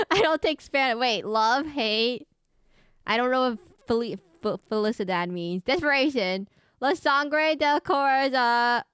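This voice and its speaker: A woman's voice: a little high, animated, a little slow, a bit bright, smooth, dry recording. A woman streaming a horror game, chatting casually, laughing often and reading the game's lines aloud to chat. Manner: giggly, chatty, reads game dialogue aloud. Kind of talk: casual let's play commentary.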